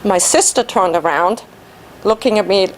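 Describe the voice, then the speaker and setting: A woman whose first language is German, giving an animated personal story speech at a club meeting and laughing at herself. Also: medium pitch, moderate pace, a little hiss or hum. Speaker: Toastmasters speaker.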